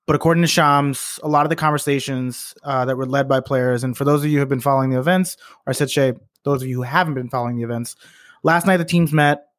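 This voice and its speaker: A man's voice: medium pitch, no echo. Hesitant man in dry sports talk. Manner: measured, hesitant, many fillers. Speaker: podcast co-host.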